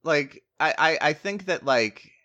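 A man's voice: a little high, animated, measured pace, bright, forceful tone, dull audio. A man in casual chat about a movie, rambling with lots of fillers and the odd swear word.

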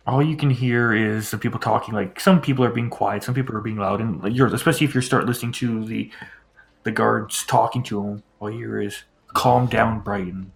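A man's voice: lowish voice, fairly even intonation, fairly quick, gravelly. A man running a tabletop game as game master, describing scenes loosely with many fillers.

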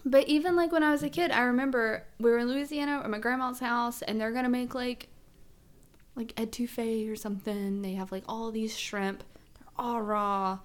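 Animated higher-voiced woman co-host. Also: normal speed. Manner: animated, laughing, swearing freely. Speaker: podcast co-host. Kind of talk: casual chat.

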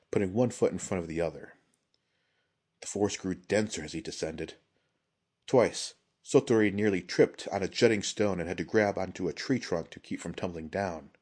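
Low, husky male narrator. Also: a little mellow. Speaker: audiobook reader. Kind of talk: scripted narration.

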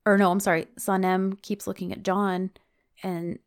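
A woman talks through a television scene in easy, casual podcast chat. She retells it with animation and reads the characters' lines aloud. Her voice sits at an ordinary middle pitch. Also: normal speed. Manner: animated retelling, reading dialogue quotes aloud. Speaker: podcast co-host recapping a TV episode.

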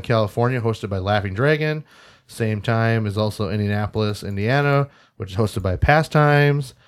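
A man's voice: on the low side, clear, resonant tone. A man hosting a casual podcast, reading out a news list and stumbling over foreign place names. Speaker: podcast host.

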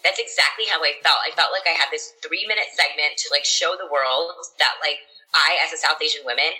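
A young woman telling her story as a guest in a casual interview, animated and full of "like". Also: low voice, a little fast, rough recording. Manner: animated, chatty, says "like" constantly.

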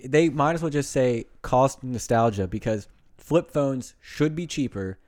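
A man co-hosting a casual podcast answers with dry, sarcastic quips. His voice sits at an everyday middle pitch. He pokes holes in his partner's stories and shoots down ideas with blunt one-liners. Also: expressive, unhurried, a little mellow. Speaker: podcast co-host.

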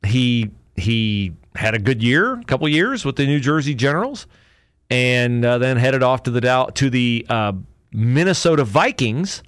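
A man's voice: mid-range voice, lively intonation, unhurried, clear, resonant tone, dry recording, clean studio sound. A man hosting a podcast alone, rambling through sports memories with fillers and self-corrections. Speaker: podcast host. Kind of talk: casual solo podcast talk.

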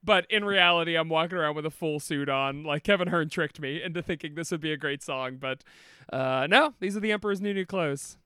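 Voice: medium pitch, fairly quick, pushed and bright, smooth, dry recording, studio quality. A podcast host in casual comedic chat, telling stories in a playful way with frequent laughs.

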